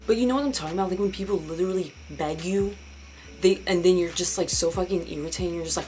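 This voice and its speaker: A woman's voice: on the low side, brisk, a little hiss or hum, poor audio. Profane, sarcastic young woman ranting. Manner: sarcastic, profane and animated, mocking others in put-on voices. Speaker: vlogger. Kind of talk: casual ranting vlog.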